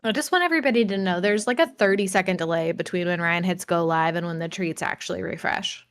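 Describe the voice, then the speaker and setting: A woman's voice: lowish voice, fast, fairly bright tone, smooth. A woman co-hosting a live stream, chatting with dry, teasing banter. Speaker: co-host.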